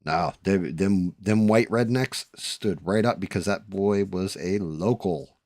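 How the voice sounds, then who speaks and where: A man's voice: low-pitched, takes it slowly, darkish tone, no room sound, clean studio sound. A man, telling a profane story in casual chat as a streamer host.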